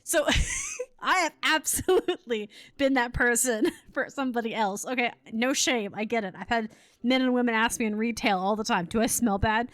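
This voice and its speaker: A woman's voice: fairly high pitch, normal speed, a bit bright, no room sound. A young woman gaming streamer telling a story in casual chat, giggly and chatty. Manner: giggly, chatty, lots of laughing and voiced quotes. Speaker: game streamer. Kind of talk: casual storytelling while playing.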